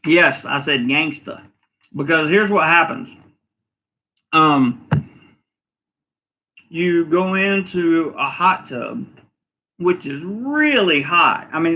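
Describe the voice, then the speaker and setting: A man's voice: fairly high pitch, pushed and bright. A man hosting a casual live vlog, reading out viewer comments and rambling with lots of fillers. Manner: rambling, many fillers, chuckles often. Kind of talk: casual live-stream chat.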